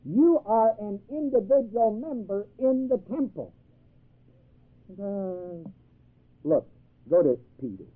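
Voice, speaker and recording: A man's voice: sits high, very animated, slow, pauses often. Emphatic man teaching, tinny old tape. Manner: emphatic, quizzes listeners with questions. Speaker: Bible teacher. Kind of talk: sermon teaching to a class.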